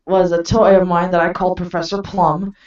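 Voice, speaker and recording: A woman chatting casually and telling her stories with laughs along the way. Her voice is mid-pitched. She sounds distant from the mic in an echoey room, and the sound is dull and lo-fi. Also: flat delivery, a little fast, darkish tone. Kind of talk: casual chat.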